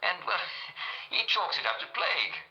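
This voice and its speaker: Giggly theatrical radio host. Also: male voice, sits high, big pitch swings, moderate pace, rough recording. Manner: gleeful, giggly, theatrically cheerful with dark jokes. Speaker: radio show host in a video game. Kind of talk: campy radio broadcast acting.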